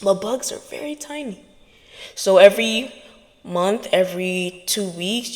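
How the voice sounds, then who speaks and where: A woman's voice: medium pitch, animated, measured pace, darkish tone. Earnest motivational woman with long echo. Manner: earnest, preachy, talks straight to listeners. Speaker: podcast host. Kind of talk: motivational talk.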